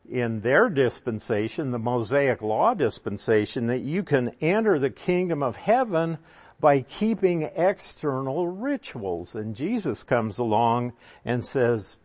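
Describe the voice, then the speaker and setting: A man's voice: medium pitch, expressive, measured pace. A man preaching a sermon, teaching from scripture in a conversational, emphatic way with rhetorical questions.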